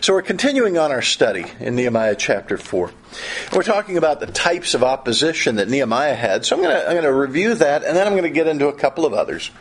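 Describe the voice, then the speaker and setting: Husky-voiced man preaching a lively sermon. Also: a little high, fast talker. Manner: animated, repeats and restarts phrases.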